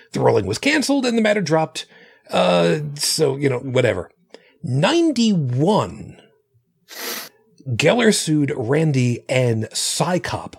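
Animated, gravelly man reading aloud late at night. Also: mid-range voice. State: tired, slightly slurring. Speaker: podcast co-host. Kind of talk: casual chat, reading aloud.

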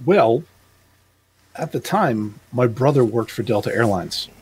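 A man's voice: medium pitch, lively intonation, unhurried, a little mellow, slightly rough. A man in his fifties from Calgary co-hosting a podcast, talking bluntly and emphatically with stumbling restarts. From Calgary, Canada. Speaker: podcast co-host. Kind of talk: casual chat.

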